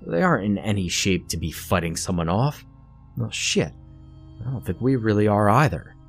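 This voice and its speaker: A man voicing an alarmed young man in a spoken horror story, talking urgently and quickly. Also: on the low side, expressive, gravelly, breathy edge, faint music behind, exaggerated voice. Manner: urgent and rushed.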